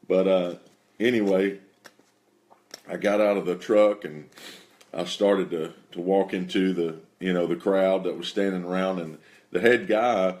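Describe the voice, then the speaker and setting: Man, very low voice, folksy testimony storytelling, relaxed, lots of fillers. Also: unhurried. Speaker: host telling testimony stories.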